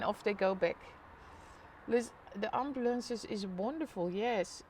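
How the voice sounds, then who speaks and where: A woman's voice: mid-range voice, unhurried, slight background noise. Chatty woman live-streaming from her window. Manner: chatty, reads viewer comments aloud, bursts into excited squeals. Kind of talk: casual live-stream chat greeting viewers. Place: home by a window overlooking a city street.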